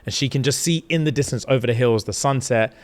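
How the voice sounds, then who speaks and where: A man's voice: mid-range voice, fast. A man, casually retelling a novel's plot on a podcast, acting out the characters' lines in slang. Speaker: podcast co-host.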